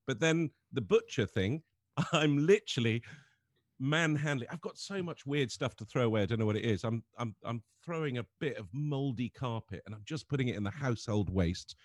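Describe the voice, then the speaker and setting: English comedian type, mid-pitched, lively storyteller, dry close mic. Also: male voice, normal speed, no room sound. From England. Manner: animated storyteller, laughs through his stories. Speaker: comedian guest. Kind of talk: casual anecdote telling.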